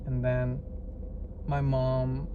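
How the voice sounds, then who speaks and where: Guy vlogging his story, slow and halting, medium voice, lots of noise and cars behind. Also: medium pitch, monotone, phone-quality sound. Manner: hesitant, heartfelt, many fillers and restarts. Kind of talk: personal storytime vlog. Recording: noisy background with traffic.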